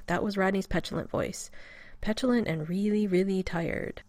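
Woman narrator, low voice, dry close mic, steady wry audiobook read. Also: moderate pace, no echo. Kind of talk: audiobook reading of fan fiction.

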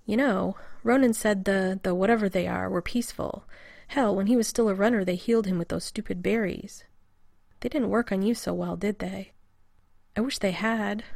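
A woman reads a frantic, worn-out man who rambles on in a nervous rush, his voice edged with a gravelly fry. The recording is dry and close, with no room sound. He sounds urgent and anxious in this storybook reading. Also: mid-range voice, normal speed, a little mellow, no room sound. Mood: rambling. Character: frantic exhausted male scientist.

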